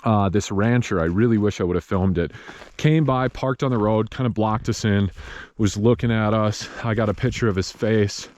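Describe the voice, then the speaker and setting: A man's voice: moderate pace, darkish tone, dry recording. Winded man vlogging outdoors. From Wisconsin. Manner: rambling storytelling, low-key. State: out of breath. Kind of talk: casual vlog narration. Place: outdoors in the desert.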